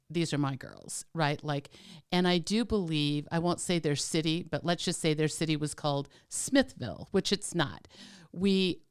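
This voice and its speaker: Deep and smooth, the voice is a woman's, co-hosting a podcast in loose conversation. She comes across chatty, warm-hearted and teasing, with frequent "like" and "um".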